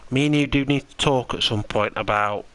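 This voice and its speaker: A man's voice: medium pitch, brisk, fairly bright tone, dry recording, rough recording. A tired man giving chatty, rambling commentary on a live sim racing stream and answering his chat.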